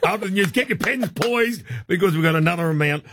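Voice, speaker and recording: A man's voice: high-pitched, expressive, fast talker, a bit bright, slight background noise. A man hosting a radio show, joking and laughing with his guest. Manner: jokey, laughing, playful. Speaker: radio host. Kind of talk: casual radio chat.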